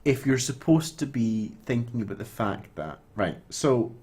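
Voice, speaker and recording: Lively man recapping a film. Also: mid-range voice, moderate pace. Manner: animated storytelling, swears freely, quotes characters in little voices. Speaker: podcast co-host. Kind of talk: casual film recap chat.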